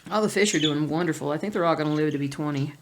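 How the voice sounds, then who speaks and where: A woman's voice: deep voice, very fast. A woman chatting casually while cross-stitching at home at night, rambling and humming nonsense sounds to herself. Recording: noisy home recording with birds.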